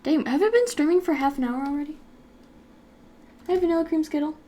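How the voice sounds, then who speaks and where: A woman's voice: high voice, lively intonation, fairly quick, dark tone. A woman live-streaming while she draws, chatting playfully with her viewers and joking about herself. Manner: playful, talks to viewers by name, self-mocking. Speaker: livestreamer. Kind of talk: casual live-stream chat while drawing.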